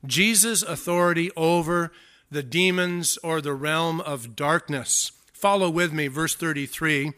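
A man's voice: a little high, moderate pace, pushed and bright, clean tone. A male pastor preaching a sermon, reading scripture aloud and adding joking asides.

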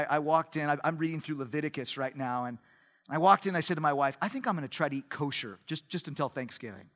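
A man preaching a sermon in a church hall, animated and emphatic with humorous asides. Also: on the high side.

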